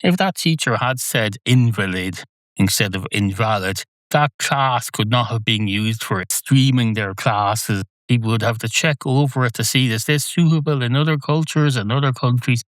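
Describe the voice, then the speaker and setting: A man's voice: mid-range voice, moderate pace, no echo. A man hosting a solo podcast, talking in a wry, digressive, self-mocking way. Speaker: podcast host. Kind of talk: solo rambling monologue.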